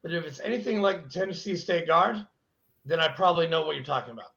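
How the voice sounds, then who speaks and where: Fast-talking gravelly man on a lo-fi recording. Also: fairly high pitch, expressive, pushed and bright.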